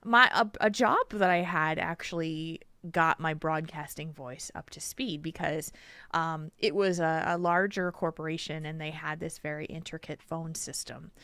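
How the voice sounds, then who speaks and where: A woman co-hosting a casual podcast, telling stories in an animated way. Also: low-pitched, moderate pace, clean tone, no room sound. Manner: animated storyteller, laughs often, slips into silly voices. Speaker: podcast co-host.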